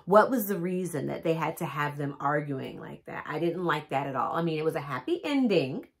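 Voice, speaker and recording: Low-voiced woman, lively swings, chatty storybook read-aloud. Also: fairly quick, creaky. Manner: animated, chatty asides, laughs at own jokes. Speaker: vlogger reading a picture book. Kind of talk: picture-book read-aloud with chatty commentary.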